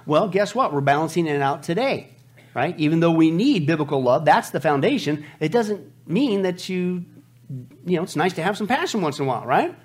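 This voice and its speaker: A man's voice: a little high, a little fast, husky. A male pastor preaching a sermon, joking and whooping as he reads scripture aloud. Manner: animated, humorous, shouts whoops.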